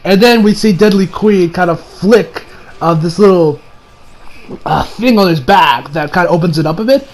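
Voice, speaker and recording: High-voiced man rambling through a recap. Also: moderate pace, darkish tone, rough recording. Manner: rambling, with self-corrections. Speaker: anime reviewer. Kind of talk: casual episode recap.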